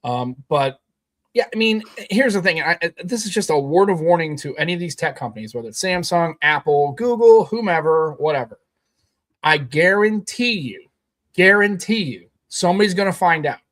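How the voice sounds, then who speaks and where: A man's voice: on the high side, animated, fairly quick. A man co-hosting a casual tech podcast, rambling and emphatic, swearing now and then. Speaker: podcast co-host.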